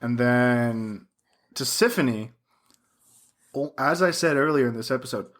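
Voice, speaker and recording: A man's voice: medium pitch, unhurried, a bit bright. A young man co-hosting a podcast, chatting casually, swearing freely and laughing often as he acts out lines. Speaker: podcast co-host. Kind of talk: casual chat.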